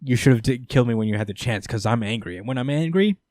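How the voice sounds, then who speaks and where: Defiant blind vigilante Daredevil, as a man reads him out, with low, even, quietly threatening delivery. The pitch sits in the middle of the male range. The recording is close and dry, with no room sound. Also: fast talker, no room sound, close to an everyday voice.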